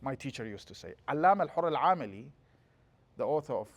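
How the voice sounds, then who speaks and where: A middle-aged man giving a classroom lecture as a religious teacher, explaining lively and breaking into quick chanted scripture passages. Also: mid-range voice.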